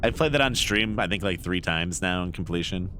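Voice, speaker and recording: A man's voice: low voice, expressive, brisk, background noise. A man streaming a horror game, chatting casually and rambling as he plays, swearing now and then and trailing off mid-thought. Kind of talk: casual gameplay commentary.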